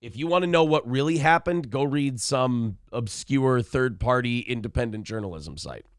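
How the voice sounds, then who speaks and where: A man's voice: mid-range voice, normal speed, clean tone, dry recording, clean studio sound. A man co-hosting a morning talk show, joking crudely and reading chat comments aloud. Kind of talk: irreverent comedy chat.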